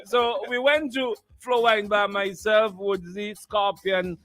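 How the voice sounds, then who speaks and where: A man's voice: high voice, fairly even intonation, slow pace, sharp tone, dry recording. A man, hosting a morning radio show and telling stories in a teasing way, repeating himself and laughing often. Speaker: radio host. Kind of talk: animated morning-show storytelling.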